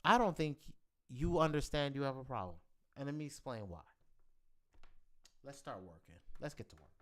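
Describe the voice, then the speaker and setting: A man hosting a live stream, ranting about tech news in a heated, profane way. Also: fairly high pitch. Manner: animated, profane, heated rant with bursts of emphasis. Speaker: livestream host.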